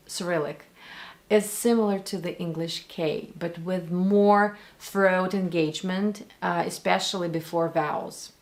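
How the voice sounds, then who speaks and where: A woman's voice: on the low side, steady tone, unhurried. A Russian-accented woman from Russia teaching pronunciation, demonstrating sounds by repeating words and single sounds. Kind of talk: pronunciation lesson commentary.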